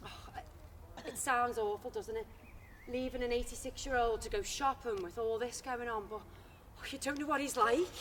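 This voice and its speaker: A woman's voice: fairly high pitch, steady tone, moderate pace, a bit bright, lightly acted. An actress playing a weary daughter who confides her exasperation about her father. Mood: exasperated. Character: weary, worried grown daughter. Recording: outdoor recording with faint background noise.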